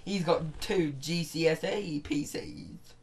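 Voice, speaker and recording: A man's voice: a little high, slow pace, crowd noise. A man joking around and coaching a friend through a game, teasing and playful. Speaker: co-player. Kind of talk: casual let's-play banter.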